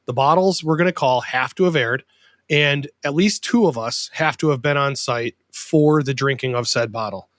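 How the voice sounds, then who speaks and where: A man's voice: mid-range voice, moderate pace, a bit bright, no echo. A man hosting a podcast in a casual, joking and openly sentimental way. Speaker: podcast host.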